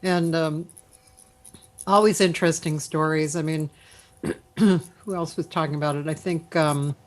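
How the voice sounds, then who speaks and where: A woman with a slightly low voice hosts a casual live chat over a video call. She asks her questions in a relaxed, halting way, with fillers as she searches for words. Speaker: host. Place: home, live video stream.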